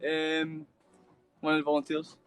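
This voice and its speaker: A young Glaswegian man with a Scottish accent joins a video call as a guest from a shared hostel dorm room, chatting casually and rambling, with "mate" and "bro" in nearly every phrase. His voice is fairly high, monotone, smooth, and measured in pace, with no echo.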